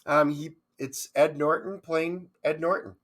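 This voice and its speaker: Male co-host, somewhat high voice, casual and blunt, quick to chime in during a movie review. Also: steady tone, fairly bright tone. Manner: brief interjections and blunt opinions.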